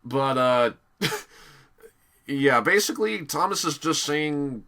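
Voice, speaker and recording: Male reviewer, casual commentary, bright and lively, unhurried, giggly. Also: medium pitch. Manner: animated, giggly, many fillers.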